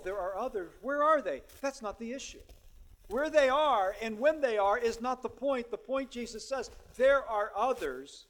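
A man preaching a sermon, moving between hushed storytelling and loud, emphatic exhortation. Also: high-pitched.

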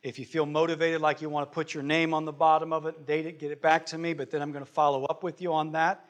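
A man's voice: fairly high pitch, little pitch movement, quick pace. A man preaching a sermon as pastor, earnest and conversational, stretching out key phrases for emphasis. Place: church sanctuary.

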